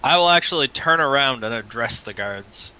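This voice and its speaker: Bright-voiced player, polite and worried. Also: male voice, mid-range voice, lively intonation, moderate pace, smooth, rough recording. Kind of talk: in-character tabletop play.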